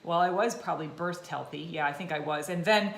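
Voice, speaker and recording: A woman in her forties, a fitness vlogger chatting casually to her viewers, slightly froggy and hoarse, self-deprecating and quick to laugh. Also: low voice. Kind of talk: casual chat to camera. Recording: echoey room.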